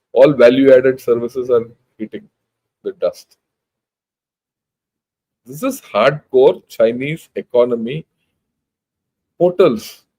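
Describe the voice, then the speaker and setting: This older retired general, now a channel host, speaks Indian English in a warm, mid-range voice. His informal talk, which includes reading out news, is blunt and emphatic, and he often restarts sentences in a conversational way.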